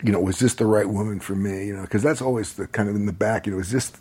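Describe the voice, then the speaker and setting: A man, older, telling a personal story in a casual conversation, animated, often laughing and acting out what people said. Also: lowish voice, quick pace, slightly rough. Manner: animated, laughs while telling, acts out quotes.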